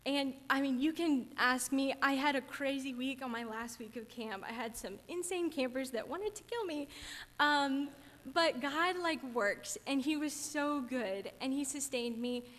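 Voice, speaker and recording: In a church sanctuary, a young camp counselor gives her personal testimony in an earnest, chatty way, at times getting teary. She speaks a little slowly in a high-sitting, fairly bright voice, with church hall reverb around her.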